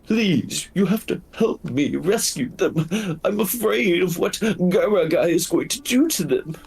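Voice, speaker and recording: A man doing a pleading high wolf voice. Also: lively intonation, unhurried, vocal fry, a little mellow, breathy edge, full character voice. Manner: whimpering, pleading, over-polite. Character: pitiful sly male winter wolf, limping, pleading.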